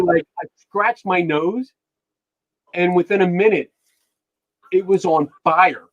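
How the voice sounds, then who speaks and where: A man's voice: high-pitched, takes it slowly, muffled recording. A man hosting a casual live stream, groaning and exclaiming while eating a very hot chip. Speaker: host.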